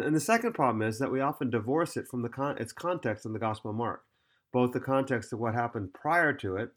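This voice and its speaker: A man teaching through a Bible passage as a podcast preacher, earnest, often pausing on fillers and restarting his phrases. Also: mid-range voice.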